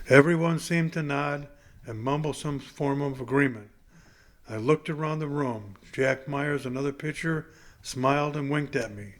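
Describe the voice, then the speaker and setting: A man reading a novel chapter aloud in a plain, unhurried way. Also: mid-range voice. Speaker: audiobook reader.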